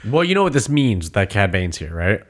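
A man co-hosting a casual chat, talking with excitement and cursing freely. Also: on the low side, fairly quick. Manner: animated, swearing, excited storytelling. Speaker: podcast co-host.

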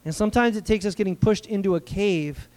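Male pastor, fairly high voice, casual emphatic sermon delivery with rhetorical questions to the room. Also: darkish tone. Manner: conversational preaching with rhetorical questions to the congregation; emphatic, slows down to stress key phrases.

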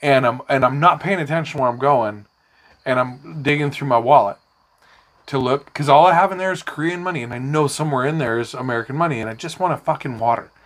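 A man's voice: mid-range voice, fast. A man casually telling a long, rambling story in a podcast chat, swearing freely. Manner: rambling, profane, animated anecdotes. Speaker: podcast co-host.

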